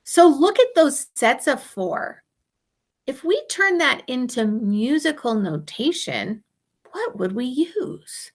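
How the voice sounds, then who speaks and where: Woman, music teacher, high voice, very lively intonation, sing-song, encouraging, video lesson for kids. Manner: bright, sing-song and encouraging, with playful exaggerated wonder. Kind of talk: recorded video lesson for young children.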